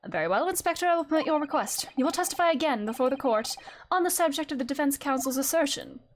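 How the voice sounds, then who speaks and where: A woman's voice: sits high, lively intonation, slight background noise. A woman voicing a stern, formal male judge presiding over a courtroom game. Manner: formal, measured.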